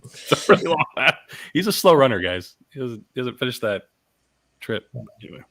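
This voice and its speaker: A man's voice: mid-range voice, sing-song, brisk, fairly bright tone, no room sound. A man co-hosting a casual sports podcast, talking in a hesitant way full of fillers. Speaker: podcast co-host.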